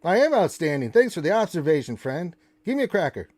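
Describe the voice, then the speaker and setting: A man's voice: a little high, big pitch swings, quick pace, darkish tone. A man voicing a crude, wisecracking male raven who bosses the party around and begs for crackers. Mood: cheeky. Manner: brash, cheeky, bossy. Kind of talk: tabletop role-play voicing.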